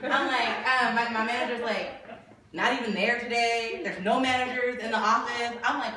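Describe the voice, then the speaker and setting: A woman telling a lively personal story to a Bible study group, laughing often and acting out what people said. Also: fairly high pitch, moderate pace. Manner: animated, laughing often, acts out quoted voices. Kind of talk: casual storytelling. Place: group gathering in a room. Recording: echoey room from far off, noisy.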